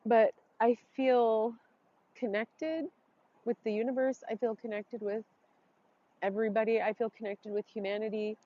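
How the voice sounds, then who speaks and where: A woman's voice: on the high side, fairly even intonation, dull audio. Heartfelt woman giving a tearful blessing. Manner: heartfelt, tearful, halting with pauses. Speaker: vlogger doing an outdoor ritual. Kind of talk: emotional spoken blessing and reflection. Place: forest, outdoors.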